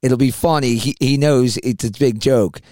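A middle-aged man spinning loose bar anecdotes, breaking into laughter as he goes. His voice sits at an ordinary pitch and comes across close and dry, with no room sound. He backs up and restarts as he talks. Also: moderate pace, dark tone, no echo. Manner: laughs through his own stories, rambling restarts. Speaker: podcast co-host. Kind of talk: casual storytelling chat.

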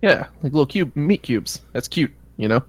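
A man's voice: mid-range voice, lively intonation, moderate pace, husky, no echo. An American man co-hosting a podcast, blunt and profane, teasing others in casual chat. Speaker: podcast co-host.

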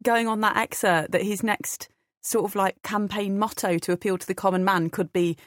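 A woman's voice: mid-range voice, steady tone, normal speed, no echo, clean studio sound. Playful woman on a quiz panel. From Britain. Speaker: quiz contestant. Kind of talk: comedic podcast banter.

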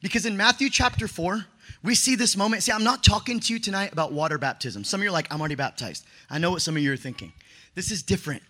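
A man in his thirties preaching in a high-pitched, very bright voice. He tells his stories in a lively, slang-filled way and pushes his voice up into shouts at the peaks. His sermon feels like an energetic testimony. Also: quick pace. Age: 30s. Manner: animated storytelling with slang, rising to shouts.

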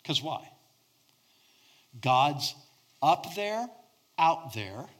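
A middle-aged man preaching a sermon, swinging between loud emphasis and hushed near-whispers. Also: a little high, sing-song, extremely slow. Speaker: pastor.

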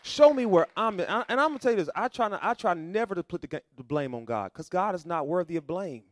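Middle-aged male pastor, preaching sermon, fairly high voice, dry close sound. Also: lively intonation, fast, dry recording. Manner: call-and-response preaching, building to loud emphatic peaks.

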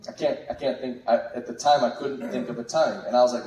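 A man preaching a sermon with exuberant, animated delivery. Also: mid-range voice, fast talker, hardly any pauses, slight background noise. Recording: echoey room from far off.

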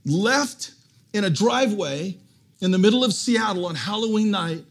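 Preaching at a church service, a middle-aged guest pastor with a high voice tells his story. His humor is animated and self-mocking, and he restarts quickly as he goes.

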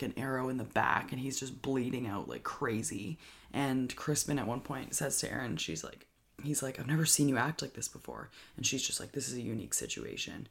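Casual movie-recap host, gravelly fry, middle pitch, chatty and excitable, leans on "like" constantly. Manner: chatty, filler-heavy with frequent "like", enthusiastic; acts out characters' lines in quick voices. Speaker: movie reviewer.

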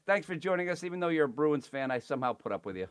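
Racing along in a fairly high, expressive voice that is clear and resonant, a cooking show host banters with a guest. Between jokes he reads ads for sponsors and repeats their phone numbers.

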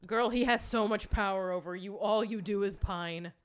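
A tipsy woman co-hosts a comedy podcast, tossing in quick, sarcastic remarks during the reading. Her voice sits at an ordinary middle pitch, and she talks in a loose, casual way. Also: smooth. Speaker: podcast co-host. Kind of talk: casual comic banter.

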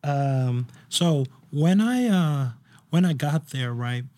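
A man's voice: a little high, expressive, slow, dark tone. A young man chatting casually on a podcast, telling a story in a rambling way with lots of fillers and restarts. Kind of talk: casual chat.

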